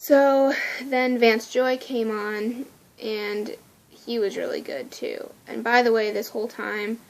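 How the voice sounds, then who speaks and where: Woman vlogger with a slightly high voice, excitable and gushing, casual storytelling with frequent laughs. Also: takes it slowly, gravelly.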